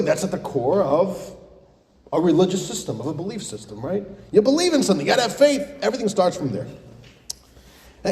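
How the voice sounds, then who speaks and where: Brief: lively rabbi preaching, fairly high voice, mellow tone, echoey hall. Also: male voice. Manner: animated, addresses audience as dear friends. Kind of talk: sermon with a joke.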